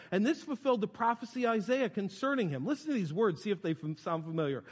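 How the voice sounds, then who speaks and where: Male pastor, high voice, casual storytelling sermon, long hall reverb. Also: very animated, fast talker, hardly any pauses, slightly rough. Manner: conversational, storytelling with quoted voices.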